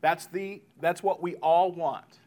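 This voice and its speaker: Male pastor, thirties, slightly high voice, easy conversational sermon delivery. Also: slow. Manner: conversational, addresses congregation as "guys"; retells family talk with lively voiced asides.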